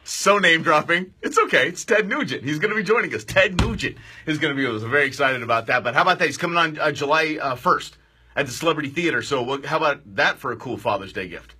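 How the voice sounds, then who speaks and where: A loud, excitable radio host, a man who jokes constantly and gets fired up on the mic. His voice is very bright and cutting, swings widely in pitch, and has a husky edge. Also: fast. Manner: excitable, loud, jokey, bantering with studio crew. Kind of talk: live outdoor talk radio. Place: radio studio.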